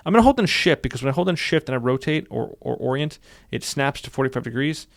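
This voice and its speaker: Fast-talking man with a gravelly voice. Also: mid-range voice, animated, no room sound, studio quality. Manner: upbeat, repeats phrases while narrating clicks. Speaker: software instructor. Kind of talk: screen-recorded tutorial.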